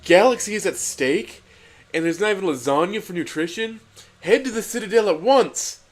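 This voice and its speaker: A man voicing a bombastic, lasagna-obsessed cartoon cat hero who booms grand declarations. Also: moderate pace, lightly acted. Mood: roaring.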